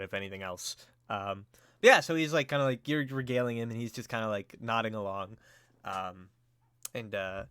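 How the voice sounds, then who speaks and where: A man running a tabletop game as game master, narrating with many fillers and pauses. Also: mid-range voice, fairly bright tone, clean tone, dry recording, clean studio sound.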